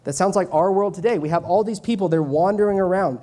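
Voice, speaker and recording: Young guy in his twenties preaching to a youth group, chatty, says the big lines twice, kinda high but mellow voice. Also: fast. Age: 20s. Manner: conversational preaching, repeats key lines for emphasis; joking asides, drops into a mock Southern voice for church sayings. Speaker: youth pastor. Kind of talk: sermon.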